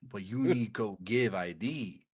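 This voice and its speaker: A man voicing a very drunk man who repeats himself insistently in slow, halting, broken phrasing. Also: lowish voice, husky.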